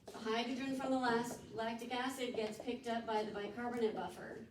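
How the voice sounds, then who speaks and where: Woman professor, lecture, fairly high voice, distant mic, roomy echo. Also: fairly even intonation, brisk. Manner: questioning students, explaining step by step. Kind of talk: classroom lecture. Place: lecture room. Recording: echoey room mic from far off, background noise.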